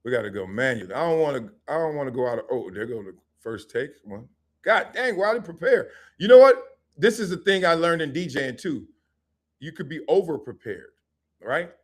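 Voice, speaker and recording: A middle-aged man hosts a live sports stream, a former player telling stories. His voice sits a little above the usual pitch for a man and stays lively and joking, with quick asides. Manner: animated storytelling with laughs and quick asides. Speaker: sports show host, former football player.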